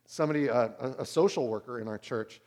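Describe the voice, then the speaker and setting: A pastor in his thirties preaching a sermon, swinging between loud and hushed. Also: mid-range voice, quick pace.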